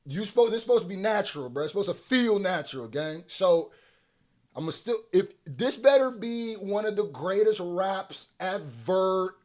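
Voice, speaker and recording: A man hosting a reaction video, talking in casual, animated commentary that breaks into loud teasing and laughter. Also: high-pitched, normal speed.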